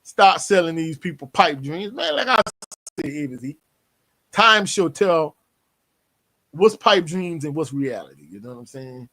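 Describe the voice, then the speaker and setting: A man hosting a sports livestream, reading chat comments aloud and answering with brash, animated trash talk. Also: on the high side, normal speed. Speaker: sports show host reading live chat.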